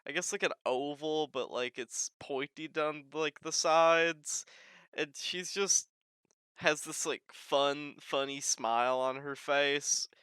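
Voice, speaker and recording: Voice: mid-range voice, slow pace, fairly bright tone, clear, resonant tone, dry recording. A podcast co-host chatting casually, gushing about a cartoon with lots of filler words. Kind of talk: casual chat.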